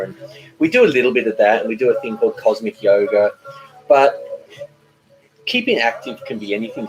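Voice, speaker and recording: A man's voice: fairly low pitch, low-quality recording. A middle-aged man hosting a casual live stream from home, reading viewer comments aloud, rambling and stumbling over repeated words. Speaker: cooking channel host.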